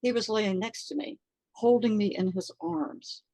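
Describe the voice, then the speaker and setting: An older woman telling a personal story in an interview, halting and earnest, with many fillers, close to tears. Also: mid-range voice, warm tone, no echo, rough recording. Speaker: interview guest.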